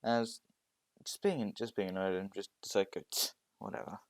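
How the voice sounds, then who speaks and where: A man narrating an improvised fan story, pausing often and restarting his sentences. His voice sits on the low side and sounds close and dry. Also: a little mellow, clean tone, no echo. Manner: hesitant, many ums and restarts.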